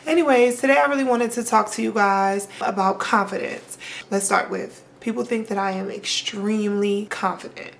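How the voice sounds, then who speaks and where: A young woman chats straight to her camera like she's talking to her girls, loose and slangy, with lots of asides and repeats. Her voice sits at a middling pitch for a woman and her delivery is relaxed and personal. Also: moderate pace, creaky, slight background noise. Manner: chatty, animated, heavy colloquial slang. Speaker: lifestyle vlogger. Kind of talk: casual chat to camera.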